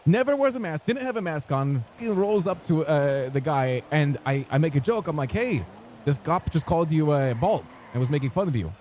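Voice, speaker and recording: A roleplay gamer, a man, tells an animated, rambling in-game story in character, swearing and acting out quotes. His voice is on the high side, expressive, brisk and a little mellow, with hardly any pauses and slight background noise.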